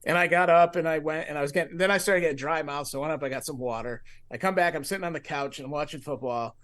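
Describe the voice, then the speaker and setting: Animated high-voiced man telling a story. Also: quick pace. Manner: animated, acts out his own past thoughts. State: grieving. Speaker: podcast co-host. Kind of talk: casual storytelling.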